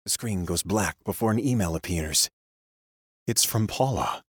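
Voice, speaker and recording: A man narrating a first-person story from a script in a steady, grim, measured way. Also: low-pitched, breathy edge, dry recording, clean studio sound.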